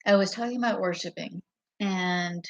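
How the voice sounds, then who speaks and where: Talking to her camera through its built-in mic, a woman vlogger with a lowish voice and dull-sounding audio rambles at a normal pace. Her casual monologue is profane and meandering, and she often loses her thread.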